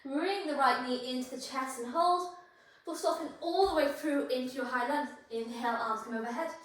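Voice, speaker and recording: A woman's voice: high-pitched, moderate pace, heavy reverb, far from the mic, low-quality recording. A woman leading a yoga class, cueing poses and breaths in an encouraging way and getting out of breath as she goes. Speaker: yoga instructor. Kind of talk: guided yoga class instruction.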